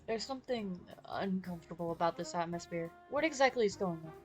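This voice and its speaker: A woman's voice: on the low side, soft background music. A woman streamer reading a visual novel aloud, narrating the protagonist's thoughts and breaking into playful rants. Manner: expressive, quick to rant playfully.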